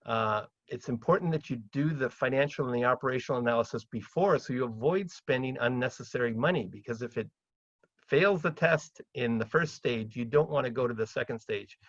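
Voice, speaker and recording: A middle-aged Canadian real estate investor gives a chatty seminar talk on property deals, speaking a little fast. He often acts out phone calls in a livelier, higher voice, and the audio is dull with no room sound.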